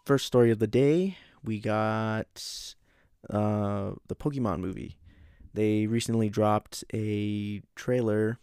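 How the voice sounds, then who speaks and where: A man's voice: on the low side, darkish tone, clean tone, no room sound, studio quality. A man hosting a casual pop-culture chat, rambling and swearing freely. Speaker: host.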